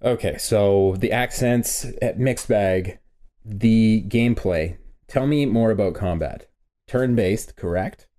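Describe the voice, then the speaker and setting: A man's voice: lowish voice, dark tone. A man co-hosting a gaming podcast, chatting casually with a wry, joking manner. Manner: wry, joking, drawn-out metaphors. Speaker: podcast co-host.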